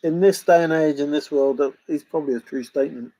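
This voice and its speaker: Joking and laughing with his chat, a middle-aged man hosts a livestream in a warm, fairly high-pitched voice at a quick pace. It's casual talk, and the audio is poor.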